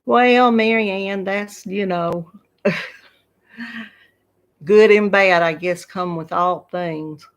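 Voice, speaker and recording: Slow-drawling Southern grandmother chatting. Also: medium pitch. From Georgia, USA. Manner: chatty, laughs often, drawling. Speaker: YouTube craft channel host. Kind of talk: casual live-stream chat.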